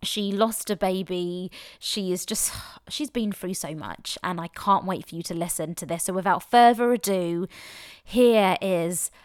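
A woman's voice: lowish voice, measured pace, clean tone, dry recording, studio quality. Effusive woman hosting a podcast. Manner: effusive and enthusiastic. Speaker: podcast host. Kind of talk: motivational podcast intro.

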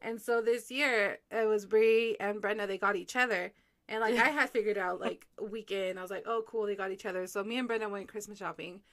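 A young woman co-hosting a podcast in casual chat, soft-spoken and giggly, rambling with many filler words. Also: medium pitch, fairly even intonation, a little fast. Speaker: podcast co-host.

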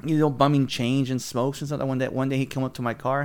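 This podcast host has a medium-pitched voice with a clean tone and a quick pace. Chatting casually, he tells an animated story, laughing along the way and performing other people's voices.

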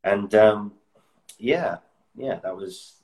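A man with a very low voice hosts a relaxed conversation. He laughs often, trips over his words and restarts his sentences. The talk is easy and informal. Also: drawn-out words, slight background noise, poor audio. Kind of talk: casual chat.

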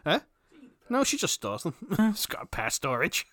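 Brief: young man, podcast co-host, bright lively delivery, swears and laughs a lot. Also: a little high, moderate pace. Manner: animated, sweary, laughs often, acts out voices in stories. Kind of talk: casual chat.

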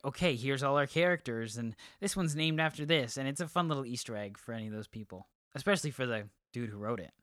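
A man co-hosting a movie podcast chats casually, full of ums and restarts. His mid-range voice is bright and forceful, captured in a clean studio with no room sound.

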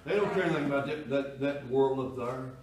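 A man, a pastor preaching a folksy sermon in a church that swells into loud cries. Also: mid-range voice, a little fast. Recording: echoey church room from far off.

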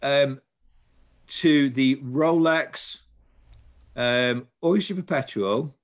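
A man's voice: mid-range voice, very slow, lo-fi sound. A man, hosting a casual podcast chat and rambling through restarts. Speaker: podcast host.

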